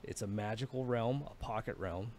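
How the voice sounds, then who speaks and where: A man's voice: fairly low pitch, normal speed, a little mellow, a little hiss or hum. A man narrating as dungeon master, telling a battle in a casual, profane way with many fillers. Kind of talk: narrating a tabletop game.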